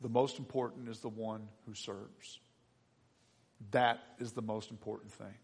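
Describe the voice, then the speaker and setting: A man preaching a sermon in an animated manner, teasing and humorous with the congregation. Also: fairly low pitch, a little slow, gravelly, breathy edge.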